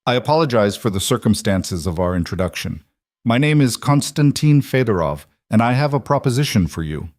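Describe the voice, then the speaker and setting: Guy voicing a cultured russian-accented mob boss, smooth and persuasive, low dry voice. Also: sing-song, brisk, darkish tone, dry recording. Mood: smooth menace. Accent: faint Russian. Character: cultured, menacing male crime boss.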